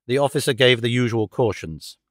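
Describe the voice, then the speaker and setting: A man narrating a classic detective audiobook in a measured, low-key way into a close microphone. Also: dry recording. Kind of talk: scripted narration.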